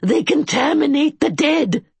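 A woman voicing a timid old male tomb caretaker who talks in a squeaky, quavering, desperate way. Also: lively intonation, measured pace, gravelly, dry recording, exaggerated voice.

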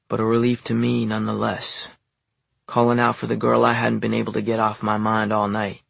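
A man with a deeply gravelly, husky voice reads a first-person audiobook story in a quiet, even, low-key way. His pitch stays flat and level, and the dry, close studio recording leaves no room sound. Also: no room sound. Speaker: audiobook narrator.

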